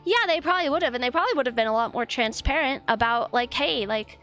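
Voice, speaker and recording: A woman's voice: high voice, lively intonation, racing, a bit bright, soft background music. A woman streamer venting in a casual, frustrated rant, swearing often and rambling with lots of fillers.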